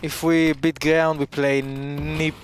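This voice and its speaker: Halting pro gamer. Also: male voice, a little high, flat delivery, a little hiss or hum. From Israel. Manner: halting, self-correcting, amused storyteller. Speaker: pro player guest. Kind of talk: casual chat on an esports desk.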